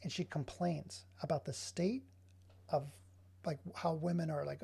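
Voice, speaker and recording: A man's voice: a little high, fairly even intonation, normal speed, vocal fry, warm tone, breathy edge. A man casually commenting on his digital art work, drifting into sarcastic, rambling rants. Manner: rambling, sarcastic ranting asides. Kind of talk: casual running commentary while working.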